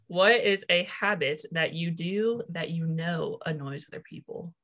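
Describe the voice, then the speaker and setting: A young woman co-hosting a podcast in casual chat, talkative and quick to laugh, her voice jumping higher when she gets excited. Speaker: podcast co-host.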